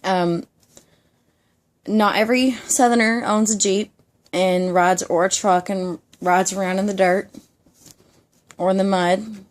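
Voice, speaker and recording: A woman's voice: medium pitch, fairly even intonation, measured pace, long pauses. A young woman from Georgia with a Southern Georgia accent, chatting casually and emphatically in an ASMR vlog. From Georgia, USA. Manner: chatty, emphatic, frequent "definitely" and "like". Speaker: ASMR vlogger.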